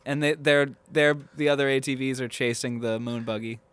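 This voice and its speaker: Casting: male podcast co-host, smooth clear voice, dry close sound, rambling and chatty. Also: medium pitch, steady tone, a little fast, fairly bright tone, no room sound. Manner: rambling, thinks aloud with restarts. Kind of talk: casual film discussion.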